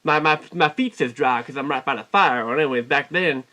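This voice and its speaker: A man telling a rambling, mock-folksy comic story in a put-on Southern US drawl, deadpan and constantly correcting himself. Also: medium pitch, brisk. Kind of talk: deadpan comic character monologue.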